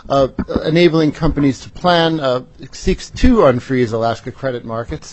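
A man giving formal testimony to a legislative committee, presenting a bill in a halting way with frequent "uh" fillers and restarts. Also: medium pitch, a little mellow. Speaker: state agency official presenting a bill.

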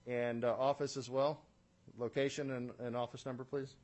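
A man's voice: mid-range voice, level tone, moderate pace, a little mellow. A man chairing a formal legislative committee hearing from a committee room. He is procedural and businesslike, with many "uh" fillers and the odd dry aside. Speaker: state senate committee chair.

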